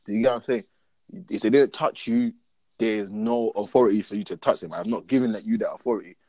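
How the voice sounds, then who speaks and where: A man's voice: on the low side, fast talker, no echo. A young man chatting casually, full of slang and forever asking whether you get what he's saying. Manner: animated storyteller, acts out his own lines. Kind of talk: casual podcast chat.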